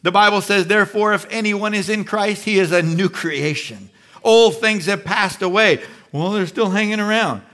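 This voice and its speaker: A man preaching a sermon with animated delivery, often acting out the inner voices he describes. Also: high voice, moderate pace. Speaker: pastor.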